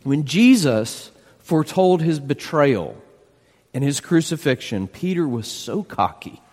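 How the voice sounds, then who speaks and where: Male pastor, emphatic sermon delivery, expressive pitch, reverberant hall sound. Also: measured pace. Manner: animated, emphatic preaching with rhetorical questions.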